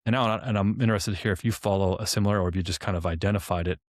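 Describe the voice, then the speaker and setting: A man with a lowish voice talks quickly in a casual podcast explanation. He tells a story by acting out both sides of a conversation, with plenty of informal fillers. The recording is dry and close, with little room sound. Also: steady tone, no echo. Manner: informal, many "like" fillers and restarts. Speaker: podcast co-host.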